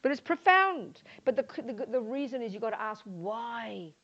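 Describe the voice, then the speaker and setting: Animated older Australian nun teaching. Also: female voice, a little high, moderate pace. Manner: animated, acts out quoted voices. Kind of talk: dharma talk to a live audience. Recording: muffled lo-fi talk recording.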